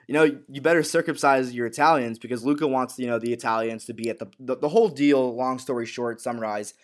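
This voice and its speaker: Man, co-host, casual recap chat, rambling, repeats words, acts out quotes, middle pitch. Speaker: podcast co-host.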